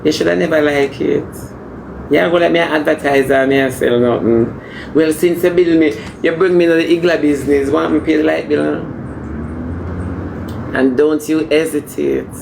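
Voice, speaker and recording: A man playing a brash, demanding Jamaican woman in a comedy skit, talking in loud patois banter that moves between scolding and wheedling. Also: a little high, steady tone, normal speed, creaky, background noise.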